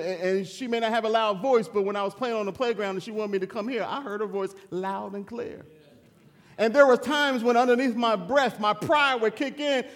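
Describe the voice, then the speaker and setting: A man preaching a sermon in a church, animated and humorous, chuckling through personal stories. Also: very high voice, big-room sound.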